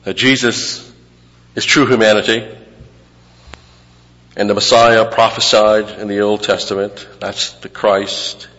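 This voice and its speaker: Male pastor teaching Scripture verse by verse, slightly low voice, long church-hall echo. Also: little pitch movement, a little slow, long pauses, fairly bright tone, lo-fi sound. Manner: teaching verse by verse, explaining grammar, repeats phrases for emphasis. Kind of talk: expository sermon.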